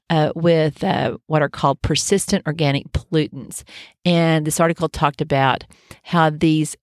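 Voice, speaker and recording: A woman's voice: low voice, no room sound, studio quality. Reassuring woman giving a health talk. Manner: conversational, reassuring, frequent fillers. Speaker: health educator.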